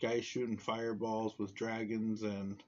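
A man co-hosting a casual podcast, teasing and laughing often, with a husky voice. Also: on the low side, flat delivery, measured pace. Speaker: podcast co-host. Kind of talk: explicit casual chat. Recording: dull lo-fi recording.

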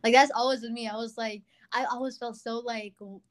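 A woman's voice: on the high side, steady tone, brisk. A young woman chatting casually about growing up, filling her talk with "like". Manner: chatty, many fillers. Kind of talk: casual conversation.

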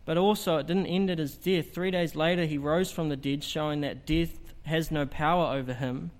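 A man preaching an evangelistic sermon in an earnest, emphatic way, asking rhetorical questions. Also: on the high side.

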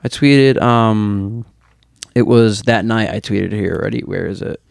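A man's voice: on the low side, unhurried, vocal fry, no echo, studio quality. A man in his twenties hosting a casual chat, telling rambling stories full of swearing. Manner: rambling, profane storytelling.

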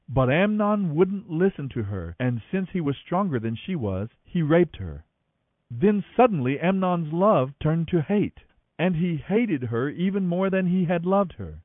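Animated male Bible reader on tinny radio. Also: on the high side, unhurried, no room sound. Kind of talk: scripted Bible narration. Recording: tinny phone-like radio line.

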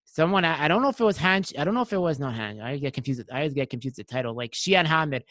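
Guy hosting a podcast, talks super fast and rambles, keeps correcting himself, dry close sound. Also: fairly high pitch, expressive, fairly bright tone, no room sound. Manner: rambling, self-correcting storytelling. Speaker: podcast host. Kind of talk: casual interview chat.

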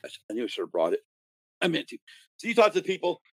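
A man co-hosting a podcast, joking loudly with lots of swearing during casual banter. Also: fairly high pitch, huge pitch swings, rapid-fire, dry recording. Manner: loud, profane and joking. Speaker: podcast co-host.

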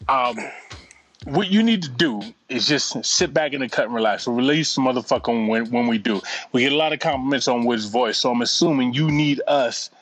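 A man's voice: mid-range voice, fairly quick, fairly bright tone, no echo. A man co-hosting a casual podcast, reading out listener emails with profane, rambling banter and frequent laughter. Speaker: podcast co-host.

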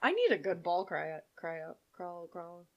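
A woman co-hosting a podcast in casual chat, loud, profane and jokey. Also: fairly low pitch, big pitch swings, normal speed, muffled recording. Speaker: podcast co-host.

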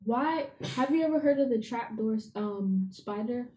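A woman's voice: fairly high pitch, lively intonation, unhurried, darkish tone. A woman co-hosting a podcast, chatting casually and hesitantly, with many fillers and restarts. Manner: hesitant, full of fillers and restarts, laughs easily. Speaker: podcast co-host. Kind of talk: casual chat. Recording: echoey room.

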